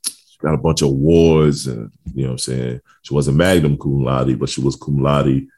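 A man's voice: extremely low pitch, fairly even intonation, normal speed, dark tone. A man in his forties co-hosting a podcast, chatting casually in a laid-back, rambling way with lots of fillers and easy laughter. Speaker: podcast co-host. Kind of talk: casual chat.

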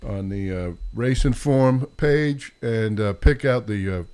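A man's voice: mid-range voice, takes it slowly, a little mellow, clean tone. A man with a New York accent hosting a casual sports chat, rambling and poking fun at himself. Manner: rambling, self-mocking. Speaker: podcast host.

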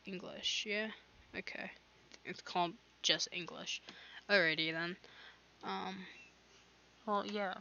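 A woman's voice: mid-range voice, steady tone, slow pace, gravelly, pauses often, sharp tone, muffled recording, a little hiss or hum. A teenage girl hosting her own podcast, chatting casually and rambling with lots of fillers and restarts. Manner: rambling, filler-heavy, self-interrupting. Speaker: podcast host. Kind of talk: casual solo podcast chat.

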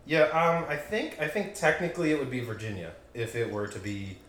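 A man's voice: mid-range voice, brisk, fairly bright tone. A man hosting a casual podcast with a friend, rambling and correcting himself as he jokes around. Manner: rambling, self-correcting, joking. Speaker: podcast host. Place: home room with dogs nearby. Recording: echoey room with faint noise.

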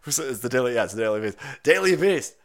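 Talking rapid-fire in a clear, resonant, mid-range voice, a man hosts a casual livestream while stuffed up from a cold and a bit winded, rambling with sarcasm and profanity.

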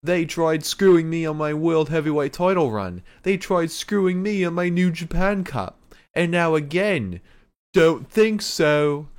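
A man doing a loud British-accented impression of an angry, foul-mouthed male wrestler demanding a title. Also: on the high side, animated, measured pace, voice pushed up. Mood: furious. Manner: shouting, taunting, cursing.

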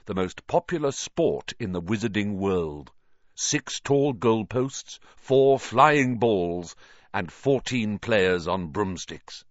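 Low-pitched guy reading a storybook, really animated, dull lo-fi dry sound. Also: no room sound. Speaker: audiobook reader. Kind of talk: storybook narration.

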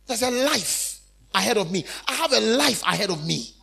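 A male preacher with a high, husky voice swings widely in pitch as he drives his points home. He repeats phrases for emphasis and breaks into loud outbursts mid-sermon. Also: lively intonation, a little fast. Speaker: minister.

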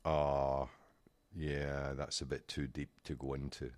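A middle-aged man with a very low voice recounts a frustrating episode with animated indignation. He talks casually as a podcast co-host, close to a dry, dead-sounding mic. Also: slow, no echo. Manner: animated, exasperated anecdote-telling. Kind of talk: casual chat, storytelling.

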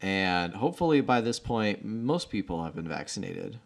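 A man's voice: lowish voice, big pitch swings, normal speed, vocal fry. A man co-hosting a casual podcast, blunt and teasing in his opinions. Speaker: podcast co-host.

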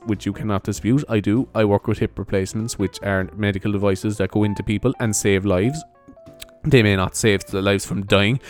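A young man hosts his podcast alone, rambling from one thought to the next in a voice of ordinary middle pitch. He swears freely and laughs at his own jokes. Faint music and church bells can be heard in the background. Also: a little mellow. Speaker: podcast host; comedian. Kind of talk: casual solo podcast chat.

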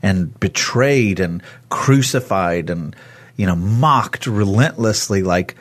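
A man's voice: fairly low pitch, lively intonation, takes it slowly. A man talking about faith in a casual conversation, passionate, acting out God's voice in quoted speech.

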